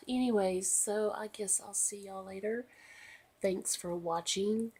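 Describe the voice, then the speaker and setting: A tired woman vlogger lies in bed at home at night, rambling sleepily to her camera and drifting into whispers. Her mid-range voice is slow and slightly rough.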